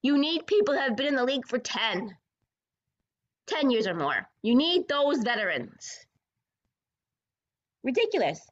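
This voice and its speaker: A woman's voice: sits high, big pitch swings, a little slow, long pauses, dull audio. A woman hosting a sports podcast, ranting in a combative, profane and sarcastic way. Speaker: podcast host.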